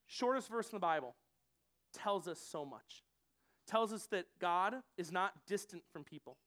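A man giving a conversational sermon to a room, animated and casual, often acting out what people might say. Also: high voice, clean tone. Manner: conversational, animated, acts out quoted voices. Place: church room with audience.

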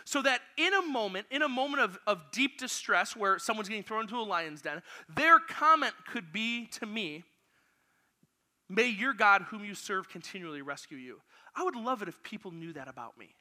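High, bright-voiced youth pastor. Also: male voice, normal speed. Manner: energetic, directs volunteers playfully. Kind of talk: youth sermon with acted-out Bible story.

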